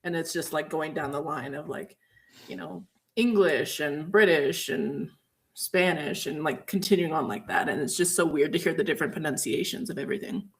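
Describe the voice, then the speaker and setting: A woman's voice: low-pitched, normal speed, vocal fry. A young woman co-hosting a podcast, chatting casually in a supportive, teasing way. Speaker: podcast co-host. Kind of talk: casual chat.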